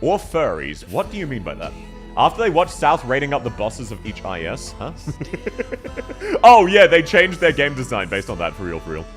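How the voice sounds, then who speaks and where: A man's voice: mid-range voice, wildly swooping pitch, moderate pace, soft background music. A young man, chatting casually with his live-stream audience while gaming, rambling, swearing freely and laughing often.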